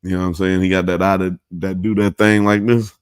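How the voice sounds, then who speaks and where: A man's voice: deep voice, flat delivery, brisk, clean tone, no room sound, clean studio sound. A man hosting a live show, chatting in a loose, rambling, slangy way. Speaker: podcast host. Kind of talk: casual live-show chat.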